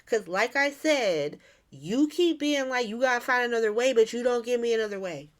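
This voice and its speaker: A woman's voice: fairly high pitch, lively intonation, moderate pace, close to an everyday voice. A woman voicing a defiant, scornful middle-aged male mob boss who talks in brash, dismissive slang.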